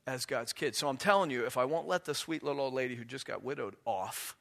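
A man's voice: mid-range voice, quick pace, creaky, few pauses, fairly bright tone. A man giving a sermon as a guest pastor in a church, conversational and joking, then emphatic.

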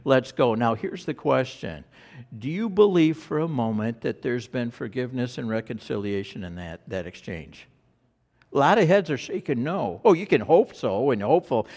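A man's voice: mid-range voice, animated, moderate pace, darkish tone. A male pastor preaching a sermon, telling stories with frequent stammered restarts.

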